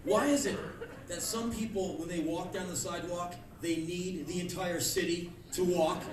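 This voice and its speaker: A man in his thirties giving a sarcastic, ranting spoken word monologue on a club stage, acting out the people he mocks with sudden shouts. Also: high-pitched, steady tone, moderate pace, background noise. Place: large concert club stage. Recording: echoey live club recording from a distance, crowd laughter.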